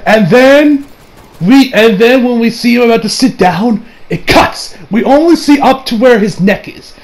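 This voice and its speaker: Young guy with a high voice rambling thru a movie review, swears a lot, gets worked up. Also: normal speed. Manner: rambling, excitable, swears, acts out quotes in high voice. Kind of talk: casual spoken movie review.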